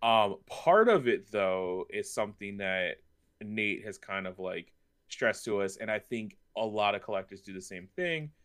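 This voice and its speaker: A man in his thirties chats on a podcast with a somewhat low voice. He tells stories in a loose, rambling way, full of fillers and restarts. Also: measured pace, clean tone. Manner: rambling, animated storyteller with many fillers. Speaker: podcast co-host. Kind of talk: casual chat.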